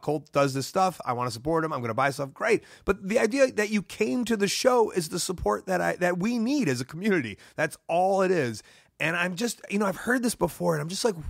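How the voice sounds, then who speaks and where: A man's voice: on the high side, dry recording, clean studio sound. Blunt, swearing podcast host man. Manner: blunt, swears freely, animated storytelling. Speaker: podcast host and pro wrestler. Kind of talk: casual solo podcast talk.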